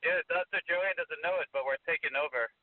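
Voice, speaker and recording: Man from South Africa, eager, slightly high voice, dry thin call audio. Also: no room sound, narrow, tinny audio. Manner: enthusiastic, halting with restarts. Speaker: participant on a group call.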